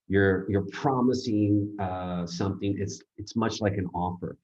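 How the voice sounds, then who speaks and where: A man teaching a grammar seminar, explaining with halting, rambling sentences full of restarts and fillers. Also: on the low side, darkish tone, muffled recording. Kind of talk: recorded grammar seminar lecture.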